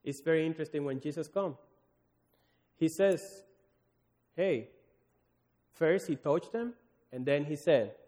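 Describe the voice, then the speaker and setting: A man's voice: on the high side, expressive, unhurried, long pauses, dark tone. A man preaching a morning sermon, earnest and pleading, often restarting his phrases. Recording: long hall reverb.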